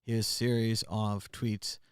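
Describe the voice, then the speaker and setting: A low-pitched man hosts a live internet call-in show, talking in a loose, rambling way full of "uh"s. He often drops into quiet muttering as he clicks around the computer. His voice sits close and dry, with no room sound. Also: level tone, slow pace, clean tone, no room sound. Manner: rambling, thinks aloud and mutters while working the computer. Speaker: host of a live call-in stream. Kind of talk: casual live-stream talk.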